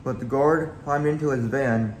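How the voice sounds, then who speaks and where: A man's voice: medium pitch, normal speed, darkish tone, a little hiss or hum. Man reading a storybook aloud. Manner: plain, with small slips. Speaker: reader. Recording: echoey room, faint background.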